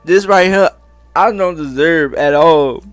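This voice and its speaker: A young man crying as he talks to camera, heartfelt and halting. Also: on the high side, dry recording, soft background music. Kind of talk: emotional casual talk to camera.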